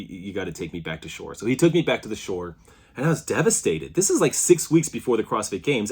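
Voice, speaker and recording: A man in his thirties telling a story to camera in a casual, animated way, often restarting his sentences. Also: on the low side, breathy edge. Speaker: CrossFit athlete vlogger.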